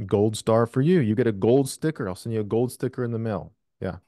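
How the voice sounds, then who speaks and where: Blunt male coach, low-pitched, dry and close, swears freely on a video call. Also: brisk, warm tone, no echo. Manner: blunt and profane, emphatic. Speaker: trading coach hosting a call. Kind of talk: live Q&A coaching.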